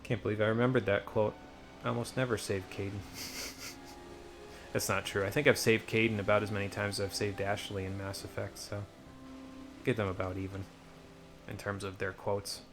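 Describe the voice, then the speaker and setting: Low-voiced man rambling over gameplay. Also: little pitch movement, normal speed, pauses often, over music. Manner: rambling, muttering asides, wry. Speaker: let's play streamer. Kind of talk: casual gameplay commentary.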